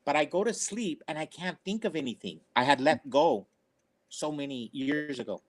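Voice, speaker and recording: Older man, earnest, rambling, casual storytelling, voice pitched a little high. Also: lively intonation, moderate pace. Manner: earnest, rambling, repeats himself. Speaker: storyteller on a family talk show.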